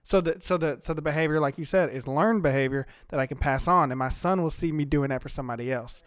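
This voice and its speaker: A male podcast host with a fairly high, smooth, resonant voice talks in a relaxed and encouraging way. His phrasing is loose, and the recording is dry and close. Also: fast talker, no room sound. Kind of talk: casual podcast chat.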